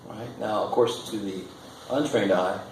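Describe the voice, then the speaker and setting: A man's voice: lowish voice, measured pace. A man teaching a college math lecture, casual and joking as he thinks aloud at the board. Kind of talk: classroom lecture. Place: classroom. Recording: echoey classroom with faint noise.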